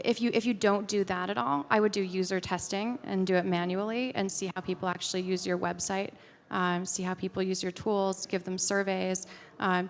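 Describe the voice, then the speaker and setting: A woman's voice: medium pitch, creaky. A woman speaker at a conference, answering audience questions in a casual, chatty way with lots of fillers. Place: conference hall. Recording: reverberant conference hall.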